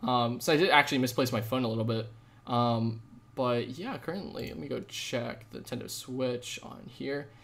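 A man's voice: mid-range voice, normal speed, vocal fry, fairly bright tone. A man live-streaming a video game, chatting casually with viewers in an upbeat, slangy way into a desk microphone. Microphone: desk USB microphone.

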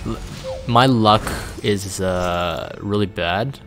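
A man's voice: on the low side, takes it slowly, fairly bright tone, faint music behind. A man casually chatting on a live stream, reading chat aloud and rambling with plenty of fillers. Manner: reads chat aloud, rambling and laid-back with many fillers.

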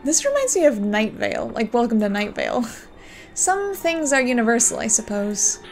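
High-voiced woman gaming commentary. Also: huge pitch swings, normal speed, slight background noise. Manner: playful, giggly asides. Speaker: let's player. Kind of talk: casual game commentary.

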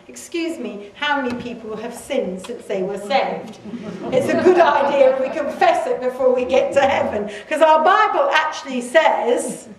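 A woman preaching to a church, talking conversationally and softly acting out short prayers. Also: sits high, expressive, moderate pace, hardly any pauses, a crowd in the background. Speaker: guest speaker. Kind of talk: sermon. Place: church hall. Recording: echoey hall from far off.

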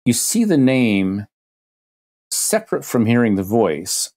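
A man's voice: mid-range voice, sing-song, takes it slowly, darkish tone. A man, a guest expert on a podcast, explaining ideas through hypothetical examples, thinking aloud with frequent restarts.

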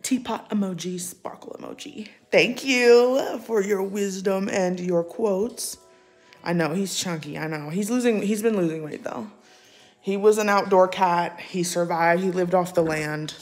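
Soft music plays behind a woman's fairly low, darkish voice as she speaks a little slowly. She's a livestream vlogger at home indoors, casually chatting with viewers, reading their comments aloud and addressing her cat.

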